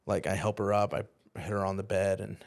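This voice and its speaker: Man, podcast co-host, earnest halting storytelling, fairly low voice, quiet trailing endings. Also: fairly even intonation, gravelly. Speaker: podcast co-host, former youth pastor. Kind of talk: emotional personal storytelling.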